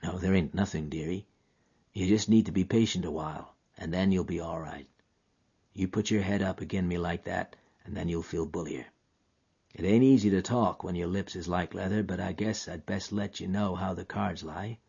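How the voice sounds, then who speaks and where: A man playing a weary old frontiersman, deep and husky. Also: normal speed, darkish tone, heavily acted. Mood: tender. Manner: drawling frontier dialect. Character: weary old frontiersman, gentle and plain-spoken. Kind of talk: audio drama acting. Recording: dull lo-fi recording.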